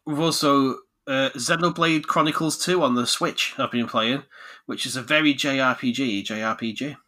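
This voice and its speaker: A man's voice: medium pitch, normal speed. A man who hosts a podcast, talking casually and joking a lot as he reviews video games. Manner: animated, jokey, laughs a lot. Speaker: podcast host, game reviewer. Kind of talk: casual chat.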